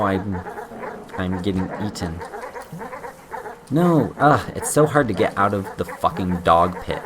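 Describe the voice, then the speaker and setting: Against a noisy background, a man with a low-pitched voice streams his blind playthrough of a video game. He thinks out loud, curses frequently, restarts his thoughts and lets out abrupt yelps whenever something goes wrong.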